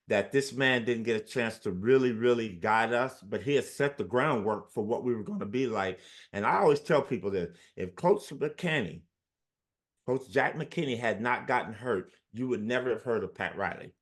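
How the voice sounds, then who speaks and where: An older man in his sixties telling stories as an interview guest. He is lively and animated and acts out what others said, often speeding up or slowing down for effect. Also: mid-range voice. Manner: animated storyteller, acts out quotes. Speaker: former basketball player, guest. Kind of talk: storytelling in an interview.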